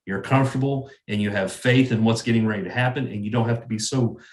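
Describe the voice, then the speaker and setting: An earnest man guesting on an interview who talks his ideas through, often repeating words as he gathers his thoughts. His voice sits fairly low, and the room gives it a noticeable echo. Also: fast. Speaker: guest, sales manager. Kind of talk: interview conversation.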